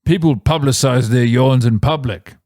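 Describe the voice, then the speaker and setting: A man's voice: medium pitch, moderate pace, darkish tone, no room sound. A man co-hosting a comedy podcast, riffing in a dry, rambling way. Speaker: podcast co-host. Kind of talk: casual comedy podcast chat.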